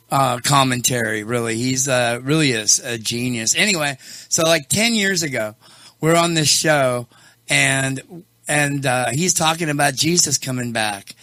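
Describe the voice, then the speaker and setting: A male show host chatting casually and telling stories, animated and quick to laugh. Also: medium pitch, dry recording. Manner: laughs often, animated, tells stories with voices. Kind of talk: casual chat and storytelling.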